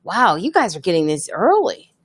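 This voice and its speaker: A woman's voice: lowish voice, big pitch swings, moderate pace, husky, no room sound. Candid woman hosting a live chat. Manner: candid, conversational, reads viewer comments aloud. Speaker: podcast host and comedian.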